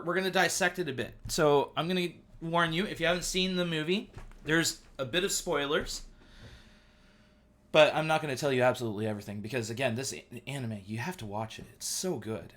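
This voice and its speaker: A man in his thirties chatting on a live stream from home, rambling and excitable, full of "um" and "like". His pitch sits in an ordinary middle range. He talks loosely and eagerly, like a friend telling a story. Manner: rambling and excitable, heavy on fillers. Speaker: livestream host. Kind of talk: casual live-stream chat.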